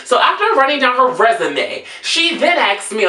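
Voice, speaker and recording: Sassy woman ranting, high bright voice, kinda far from the mic in an echoey room. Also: very animated, moderate pace. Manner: brassy and dramatic, calls listeners honey. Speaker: vlogger. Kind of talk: sassy storytelling rant.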